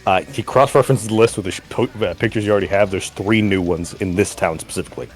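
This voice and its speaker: A man running a tabletop game as game master, laid-back, laughing often and slipping into quick character voices. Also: lowish voice, faint music behind.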